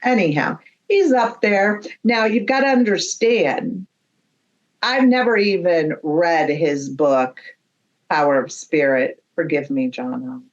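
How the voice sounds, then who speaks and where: A woman medium, a guest on a podcast, telling a story in an animated way and acting out the dialogue. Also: fairly low pitch, slow, muffled recording. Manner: animated storyteller who acts out quoted dialogue.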